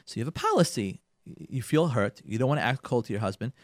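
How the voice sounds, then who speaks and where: Animated and quick, a man with a mid-range voice offers marriage advice as a radio host, telling listeners directly what to do in an emphatic, instructive manner. He acts out things spouses say and repeats words for weight. The recording is studio quality with no room sound.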